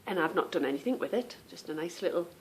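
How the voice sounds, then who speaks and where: Talking fast with an expressive, fairly low voice, a British-accented woman from England hosts a casual podcast chat that wanders and frequently trails off.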